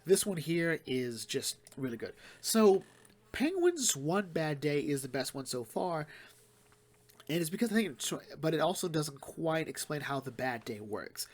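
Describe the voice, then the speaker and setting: A man giving a casual solo comic book review, retelling plots quickly and rambling with fillers and restarts. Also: fairly high pitch, very animated.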